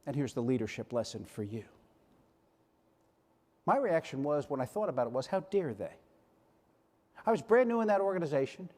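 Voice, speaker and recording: A man's voice: on the high side, expressive, brisk, pauses often, a little mellow. A man in his sixties giving a motivational keynote speech in a large hall, telling stories and acting out the voices of the people in them. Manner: storytelling, acts out quoted voices. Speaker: keynote speaker. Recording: long hall reverb.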